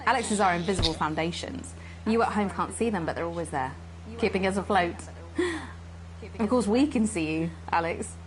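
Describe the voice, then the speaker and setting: A woman's voice: lowish voice, normal speed, lightly acted, poor audio. An actress playing a posh woman TV presenter who is obsessive and unhinged under a put-on posh voice. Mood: pleading. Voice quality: posh put-on voice slipping into broad Irish. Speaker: TV presenter character. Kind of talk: comic drama monologue.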